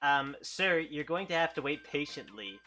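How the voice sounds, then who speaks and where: A man's voice: a little high, expressive, normal speed, pushed and bright, faint music behind. A man doing a flustered, prim elf clerk. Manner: stammering, prim customer-service tone. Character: flustered, overly polite elf shop clerk. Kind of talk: improvised tabletop role-play.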